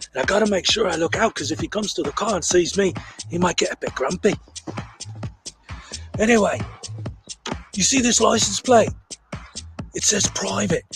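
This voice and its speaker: A man's voice: high voice, gravelly, pitched above the performer's own voice. A man doing a put-on Cockney nature-show host. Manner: excited, breathless wonder. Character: bumbling male wildlife-documentary host, excitable. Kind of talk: parody nature-documentary narration.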